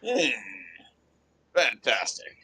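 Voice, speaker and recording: A man's voice: mid-range voice, wildly swooping pitch, very slow, bright, forceful tone, slightly rough. A man playing a tabletop game, speaking bluntly and with crude words. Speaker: player.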